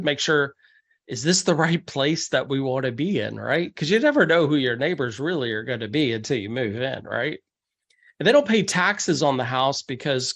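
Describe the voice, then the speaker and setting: A man's voice: mid-range voice, fairly bright tone. A man giving a conversational, step-by-step seminar presentation on real estate deals, slipping into quoted voices of buyers and investors.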